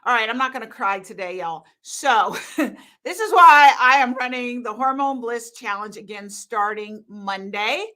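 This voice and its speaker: A woman's voice: on the high side, unhurried. A woman hosting a live stream as a hormone coach, talking bluntly and laughing often. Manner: animated, laughing, blunt and emphatic. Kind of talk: casual live-stream talk to viewers.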